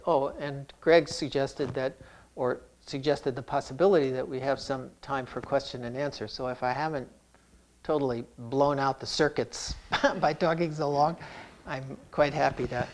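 A man who teaches Zen, giving a calm, reflective dharma talk with touches of humor. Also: mid-range voice, normal speed.

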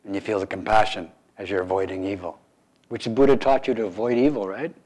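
A man, a meditation teacher, giving a relaxed dharma talk to a group with playful, wry asides. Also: fairly low pitch, fast talker, rough recording.

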